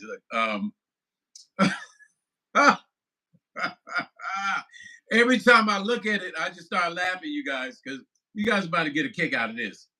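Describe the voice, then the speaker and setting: A man's voice: on the high side, pushed and bright, poor audio. A man in his fifties, a musician vlogger, chatting casually on a livestream, laughing and swearing loosely as he talks to viewers. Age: 50s.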